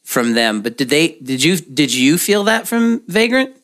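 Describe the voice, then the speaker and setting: A man's voice: fairly high pitch, very animated, a little slow, a bit bright. Male host, easygoing interviewer tone, conversational. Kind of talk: casual interview chat.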